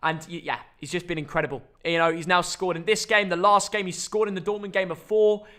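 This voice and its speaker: A young man hosting a live football reaction stream, excitably talking viewers through the match. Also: sits high. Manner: excitable, rapid hype for viewers. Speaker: host.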